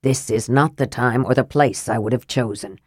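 A woman voicing a wary young male mage who speaks quietly and dryly. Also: a bass voice, moderate pace, husky, dry recording, clean studio sound, voice pushed down.

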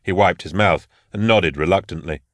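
A man narrating an audiobook in a measured, steady way. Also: low-pitched, no echo. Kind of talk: scripted narration.

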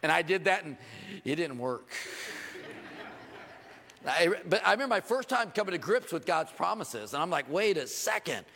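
A middle-aged male pastor preaching a sermon, animated, acting out quoted voices with sudden jumps in pitch. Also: moderate pace, gravelly, long pauses. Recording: long reverb of a large hall.

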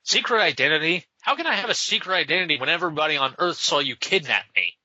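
A man reading aloud and voicing a cocky, questioning teenage boy sidekick, a bit higher than his own voice. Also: sing-song, fast, sharp tone, no echo, full character voice. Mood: incredulous. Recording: slightly dull lo-fi sound.

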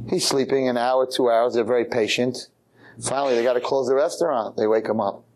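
A rabbi giving a lecture to girls, telling a story with animated delivery and acted-out voices. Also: mid-range voice, brisk, low-quality recording. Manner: animated storytelling, acting out characters.

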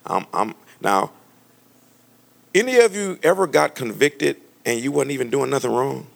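A man preaching a storytelling sermon to a congregation, animated and conversational, often restarting his sentences. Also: medium pitch, normal speed, vocal fry. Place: church with a live congregation.

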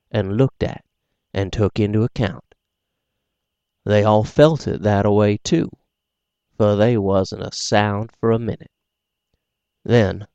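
A man narrating a folksy first-person story in a plain, unhurried way for an audiobook. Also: on the low side, a little mellow, no echo.

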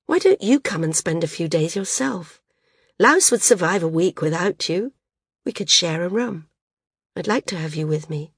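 A woman's voice: mid-range voice, lively intonation, normal speed, no echo, studio quality, close to an everyday voice. A woman voicing a devoted, persuasive woman flyer in an audiobook, her lines read in a coaxing, impassioned way. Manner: coaxing, impassioned dialogue reading.

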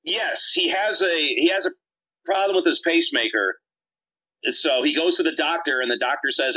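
A man's voice: fairly high pitch, expressive, normal speed, pushed and bright, rough recording. A man co-hosting a casual film podcast, retelling scenes and acting out the characters' lines. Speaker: podcast co-host. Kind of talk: casual chat.

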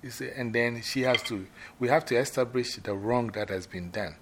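A man explaining the parts of a planned drumming performance to a fellow performer, halting and restarting as he thinks aloud. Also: mid-range voice, background noise. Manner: halting, with many fillers and restarts while he plans aloud. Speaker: performer leading a rehearsal.

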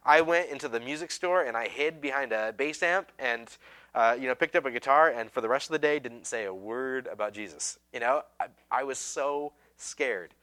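Bright-voiced male pastor preaching. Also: medium pitch, normal speed. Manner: casual storytelling with many fillers and restarts; self-deprecating, humorous. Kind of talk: sermon.

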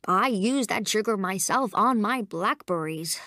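A woman reading as a pompous old gentleman. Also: mid-range voice, expressive, unhurried, no room sound, studio quality. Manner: florid, courtly storytelling. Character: elderly genteel invalid uncle, pompous raconteur.

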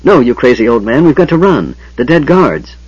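A man's voice: very animated, normal speed, breathy edge, dry recording, dull audio. A man voicing a tense half-elf leader. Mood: urgent. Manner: low, urgent murmur.

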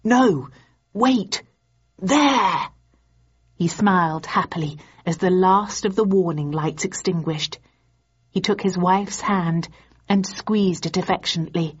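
A woman narrating an audiobook in an even, measured storytelling voice. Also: fairly low pitch, slightly rough, lo-fi sound. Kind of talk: scripted narration.

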